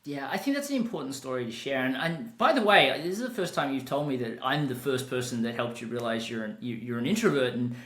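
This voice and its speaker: A man's voice: medium pitch, animated, fast talker, few pauses, fairly bright tone, roomy sound. A man with an Australian accent hosting a podcast interview, talking with enthusiasm and often repeating words as he starts a sentence. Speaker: podcast host.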